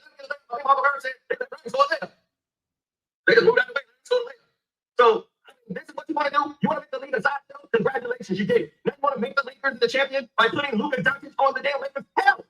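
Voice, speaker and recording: A man's voice: very high-pitched, pushed and bright, low-quality recording. A man, ranting angrily and profanely about basketball. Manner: heated, profane, emphatic. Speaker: sports commentator. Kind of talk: angry rant.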